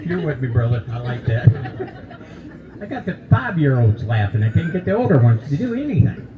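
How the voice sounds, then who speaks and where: A man's voice: mid-range voice, very animated, brisk, narrow, tinny audio, background noise. Seventy-something man doing folksy stand-up. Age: 70s. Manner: folksy, teasing the crowd, jokes about old age. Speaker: stand-up comedian. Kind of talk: stand-up comedy set. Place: brewery stage with live audience.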